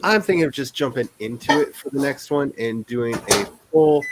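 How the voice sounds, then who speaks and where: A man chats casually while hosting a writing livestream. His voice sits in an ordinary middle pitch. He rambles and often laughs at himself. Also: animated, moderate pace, hardly any pauses, a crowd in the background, low-quality recording. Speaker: author hosting a writing sprint stream.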